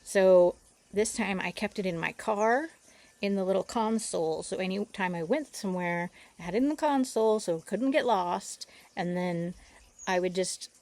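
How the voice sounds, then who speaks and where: A woman's voice: mid-range voice, normal speed, a little mellow, no room sound. A woman telling a long rambling story to the camera in a casual vlog, easily distracted by the birds around her. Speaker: vlogger. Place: outdoors near birds.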